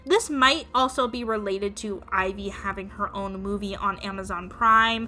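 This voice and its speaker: A woman's voice: a little high, pushed and bright. A young woman hosting her own vlog, chatting to viewers in an upbeat, casual way. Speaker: doll collecting channel host.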